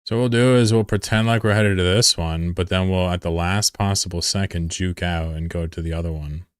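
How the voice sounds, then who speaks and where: A man's voice: deep voice, steady tone, fairly quick, clean tone, no room sound, clean studio sound. A man streaming a game, chatting casually with his audience in a rambling, profane way and chuckling often. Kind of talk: casual live-stream commentary.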